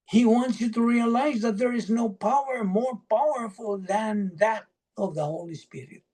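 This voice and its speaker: Brief: unhurried Bible teacher on a video call, husky, mellow tone, poses questions and answers them. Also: medium pitch. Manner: asks and answers own questions, lists verse references. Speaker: Bible study leader. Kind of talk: teaching an online Bible study.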